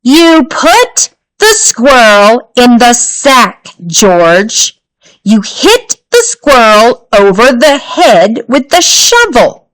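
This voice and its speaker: A woman voicing an exasperated, bossy mother who speaks slowly and emphatically, spelling things out word by word. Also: on the high side, very animated, pitched above the performer's own voice. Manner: slow, emphatic, over-enunciated.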